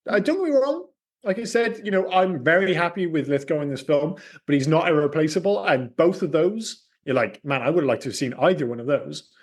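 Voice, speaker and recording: Animated sweary man, higher voice. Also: brisk. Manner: animated, sweary, swings up in pitch when excited. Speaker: podcast co-host. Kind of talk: casual film podcast chat.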